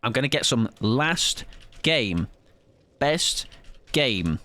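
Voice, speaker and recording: A man's voice: mid-range voice, sing-song, drawn-out words, sharp tone. A young man streaming a game live, chatting in a joking, self-mocking, rambling way.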